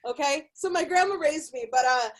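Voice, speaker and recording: Brief: young female comic, high pitch, brash and profane, self-deprecating. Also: animated, normal speed, poor audio. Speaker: stand-up comedian. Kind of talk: stand-up comedy set.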